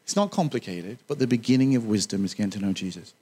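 A male pastor preaching a sermon in a church, chatty and animated, with humorous asides to the congregation. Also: lowish voice, fast talker, breathy edge.

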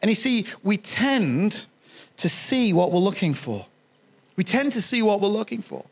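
A man preaching to his congregation, his voice sitting a little high for a man. He talks in a relaxed, conversational way and repeats key phrases to drive them home. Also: a little slow, vocal fry. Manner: jokes with the congregation. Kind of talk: sermon.

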